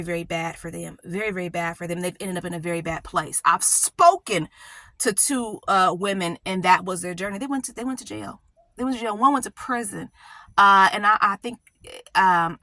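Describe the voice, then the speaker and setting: A woman's voice: medium pitch, sharp tone, no room sound. A woman hosting her own channel, telling a personal story in an emotional, conversational way, repeating phrases for emphasis and often asking "right?". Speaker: channel host.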